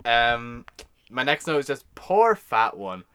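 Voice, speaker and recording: A man's voice: mid-range voice, sing-song, slow pace, pushed and bright, smooth. A man co-hosting a podcast, casually reading out his film notes and laughing often. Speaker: podcast co-host.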